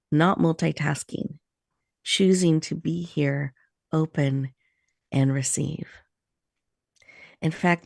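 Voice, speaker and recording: A woman hosting a talk show who leads a slow, soothing guided meditation with encouraging words. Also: low voice, vocal fry, darkish tone, no room sound, clean studio sound.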